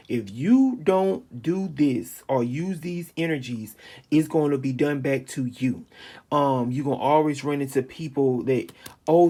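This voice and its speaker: A man's voice: a little high, a little mellow, husky. A man giving a casual astrology reading into a handheld phone, talking emphatically, rambling and repeating phrases as he goes. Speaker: astrology reader. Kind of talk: informal spoken astrology reading.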